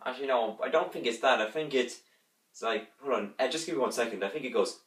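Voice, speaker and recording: A man talks through an unboxing in a rambling, excited way, humming and thumping out instrument parts as he goes. He sits well back from the mic in a room with a roomy echo. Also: medium pitch, fast, recorded from a distance, music in the background. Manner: enthusiastic, rambling, imitates instruments with his voice. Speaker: music reviewer.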